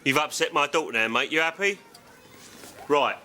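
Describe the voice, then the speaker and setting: A man's voice: a little high, lively intonation, normal speed, bright, forceful tone, slight background noise. A man playing an aggressive father who threatens another man. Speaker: angry father.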